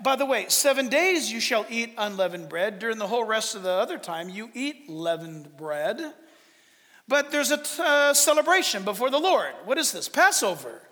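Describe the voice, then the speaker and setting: High-voiced preaching man, echoing church. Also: big pitch swings, normal speed, pushed and bright. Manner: emphatic preaching with rhetorical questions. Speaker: pastor. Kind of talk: sermon.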